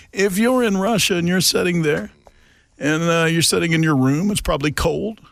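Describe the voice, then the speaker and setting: A man's voice: fairly high pitch, moderate pace, creaky. A man hosting a podcast in casual, joking chat with a friend, recorded in a radio station studio. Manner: chatty, animated, joking. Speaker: podcast host.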